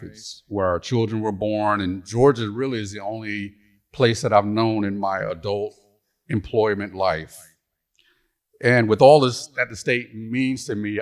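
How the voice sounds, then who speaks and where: A middle-aged man and retired pastor giving a storytelling conference lecture, folksy and humorous, on a stage mic. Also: fairly low pitch. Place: conference hall.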